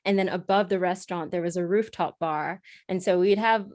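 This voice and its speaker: A woman's voice: fairly low pitch, brisk, no room sound, studio quality. A young adult woman from Zimbabwe, raised in London and Beijing, with a mixed British and American accent, telling stories as a guest in a casual podcast interview and acting out the voices she quotes. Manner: lively storyteller, laughs easily, acts out quoted voices. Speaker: guest actor.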